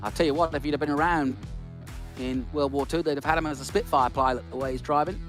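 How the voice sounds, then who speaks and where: A man commentating an esports race, excitable and jokey, swinging from loud calls to quiet asides. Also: fairly high pitch, quick pace, faint music behind. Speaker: lead commentator.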